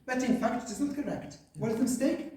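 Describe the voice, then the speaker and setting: A man's voice: very high voice, warm tone. Male teacher, echoey distant room. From Algeria. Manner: halting, many fillers, checks in with "right?". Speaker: English teacher. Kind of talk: classroom lesson. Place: classroom. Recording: echoey classroom from far off.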